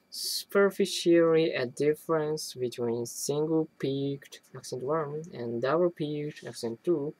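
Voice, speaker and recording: A person reading an academic text aloud, halting often to restart and correct words. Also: mid-range voice, a little mellow, dry recording, low-quality recording. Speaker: reader.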